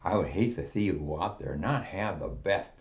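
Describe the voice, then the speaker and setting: An older man voicing an eager, pushy young male salesman in a told story, pitching goods and calling everyone sir. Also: expressive, fairly quick. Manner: upbeat sales pitch, keeps saying sir. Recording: dull lo-fi recording.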